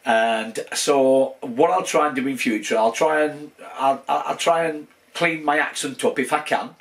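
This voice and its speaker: A man's voice: mid-range voice, a little slow. A man in his sixties with a broad northern English Wigan accent, giving a rambling, casual update to his channel's viewers. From northwest England. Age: 60s. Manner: rambling, with many fillers and restarts. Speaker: channel host.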